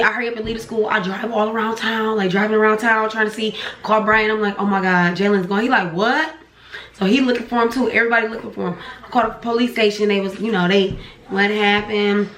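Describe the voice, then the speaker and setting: A young woman, telling a story casually while eating, acting out voices with sharp pitch jumps. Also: reverberant, slight background noise. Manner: animated storytelling, acts out dialogue with pitch jumps. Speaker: vlogger. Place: home room.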